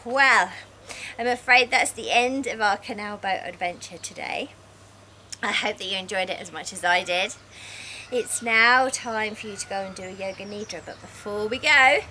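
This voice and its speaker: A woman's voice: medium pitch, bright, forceful tone, a little hiss or hum. A woman leading a laughter yoga session, playful and encouraging, laughing often between her cues. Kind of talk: guided laughter exercise session.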